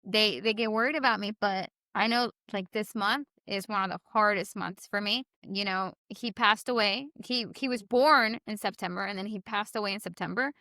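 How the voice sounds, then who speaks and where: Energetic, bright-voiced woman who swears a lot. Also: mid-range voice, normal speed, few pauses, no room sound, clean studio sound. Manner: energetic, swears often, expressive. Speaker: podcast co-host. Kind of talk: casual chat.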